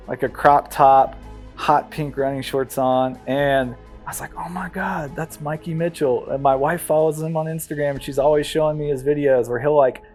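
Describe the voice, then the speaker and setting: A man, an ultramarathon runner, telling his race story in a documentary interview, halting and conversational with many fillers. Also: a little high.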